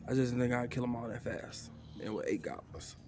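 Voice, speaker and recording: A man's voice: mid-range voice, fairly even intonation, a little fast, music in the background. A man, narrating a tabletop game as game master in a casual way, sighing and muttering to himself.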